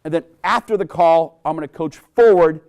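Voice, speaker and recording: Energetic middle-aged man giving a sales talk. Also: moderate pace, clear, resonant tone. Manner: energetic, acts out dialogue with big pitch swings. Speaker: sales coach and speaker. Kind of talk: keynote talk to an audience. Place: conference room with an audience.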